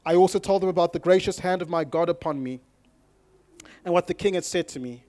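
A man preaching a sermon to his congregation, moving from calm scripture reading to loud, emphatic exhortation and speaking directly to the people in front of him. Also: high voice, brisk, no echo. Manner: addresses the congregation directly with audience prompts. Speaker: pastor.

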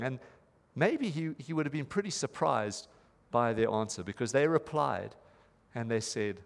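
A man preaching a sermon as pastor, telling a story earnestly and slowing down to stress his points. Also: mid-range voice, creaky. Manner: earnest, storytelling, slows for emphasis. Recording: reverberant hall.

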